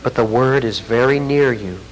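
In a rough recording, a man at normal speed reads scripture aloud and comments on it as part of an expository sermon. His earnest delivery swells toward fervor before dropping low.

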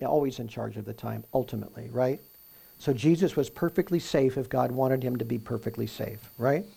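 A man preaching through a Bible passage in a conversational way, often checking in with "right?" and reading the verses slowly with emphasis. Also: mid-range voice, creaky, a little mellow, slightly rough. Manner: reads scripture aloud slowly and with emphasis. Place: room with a live audience.

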